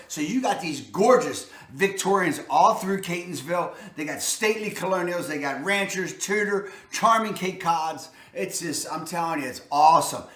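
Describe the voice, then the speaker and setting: A man's voice: a bit bright, echoey room. A man with a Baltimore accent, a real estate agent talking up his area in an emphatic, salesy vlog style. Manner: salesy, emphatic, repeats "I'm telling you" and "boom".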